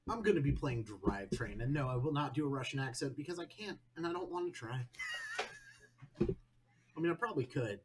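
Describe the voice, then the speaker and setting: A man playing a tabletop game, joking in relaxed casual chat. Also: medium pitch, brisk, pauses often. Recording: faint background noise.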